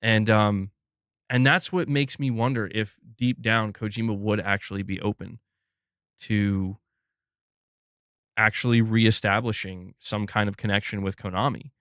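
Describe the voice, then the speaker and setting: A man's voice: lowish voice, steady tone, unhurried, a bit bright, clean tone, no room sound, studio quality. A young man hosting a casual gaming livestream, rambling with many restarts and addressing the chat as dude and bro. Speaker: livestream host.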